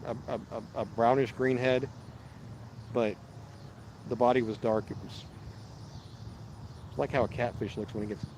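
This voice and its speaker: A man's voice: mid-range voice, fairly even intonation, normal speed, pauses often, noisy background. A man, hosting a fishing livestream outdoors and chatting casually, rambling and restarting as he reads viewer messages. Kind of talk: casual live-stream chat. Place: outdoors at a park lake.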